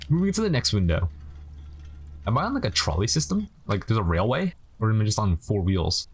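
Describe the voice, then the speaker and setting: A man's voice: on the low side, very animated, a little fast, slightly rough. A young man giving joking, casual commentary while playing a game, chatting to the characters on screen. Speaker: gaming commentator. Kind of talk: casual let's-play commentary.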